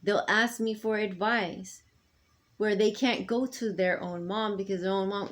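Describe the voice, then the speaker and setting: A middle-aged woman speaking to her sons in a rambling, halting personal monologue full of ums and restarts. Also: medium pitch, steady tone. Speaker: mother addressing her sons.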